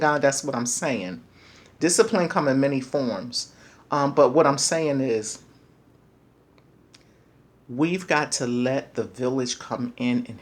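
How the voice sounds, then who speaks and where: Emphatic middle-aged woman, preachy and direct. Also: deep voice. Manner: emphatic, preachy, repeats lines for effect, calls listeners baby. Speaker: speaker sharing parenting views. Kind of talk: passionate monologue.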